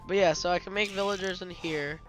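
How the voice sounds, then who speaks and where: A man's voice: high-pitched, steady tone, a little fast, faint music behind. A young man with a slight cold, casually commenting on a strategy game he is playing, explaining as he goes and stumbling over his words. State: slightly sick, coughing. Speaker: gaming channel host.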